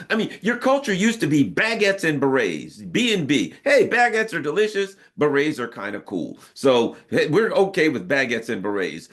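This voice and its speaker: A man talking as a guest commentator in a political interview, sarcastic and lively, often acting out what others might say. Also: a little high, normal speed, few pauses. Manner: sarcastic, acts out quoted voices. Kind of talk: animated political talk.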